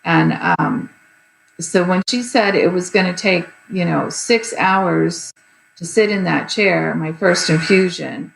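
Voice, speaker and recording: A woman in her fifties, a guest on an interview show, telling a personal story candidly with many pauses and fillers. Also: on the low side, animated, vocal fry. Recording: echoey room with faint noise.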